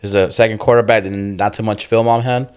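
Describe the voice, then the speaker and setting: A man's voice: lowish voice, fairly even intonation, brisk, a little mellow, clean tone. Young guy cohost, talks slang, swears, says bro every line. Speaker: podcast co-host. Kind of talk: casual sports chat.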